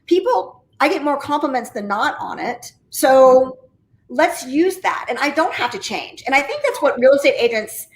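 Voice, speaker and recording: Very animated and full of high-energy enthusiasm, a high-pitched woman who works in real estate tells her story as a casual interview guest. She keeps a moderate pace, and her voice echoes through a roomy space.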